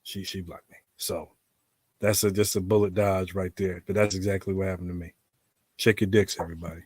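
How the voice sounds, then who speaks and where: A man with a lowish voice tells a blunt, profane story in a casual podcast chat. He acts out both sides of the exchange. The sound is dry and close, with no room echo. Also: level tone, fairly quick, darkish tone, slightly rough. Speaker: podcast co-host.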